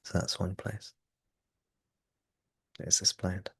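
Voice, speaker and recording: A man's voice: low-pitched, little pitch movement, slow, slightly rough, dry recording, clean studio sound. A man teaching at a satsang, explaining ideas thoughtfully and often restarting his phrases. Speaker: spiritual teacher. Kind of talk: satsang talk.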